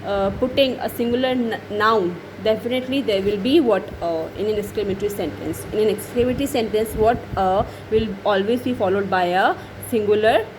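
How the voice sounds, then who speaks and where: A woman's voice: mid-range voice, brisk. Woman, grammar teacher, repeats and restarts phrases, faint background noise. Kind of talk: explaining grammar over slides.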